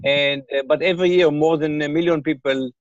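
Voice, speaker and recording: A man's voice: a little high, steady tone, a little fast, no room sound. An older man giving thoughtful interview answers, often repeating words and checking in with "okay?" and "right?". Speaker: interviewee, computer scientist. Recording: dull, dry remote call audio.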